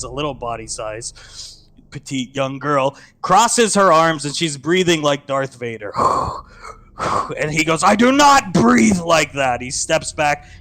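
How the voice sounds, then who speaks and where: A man narrating as game master, telling the scene with lively sound effects. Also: fairly high pitch.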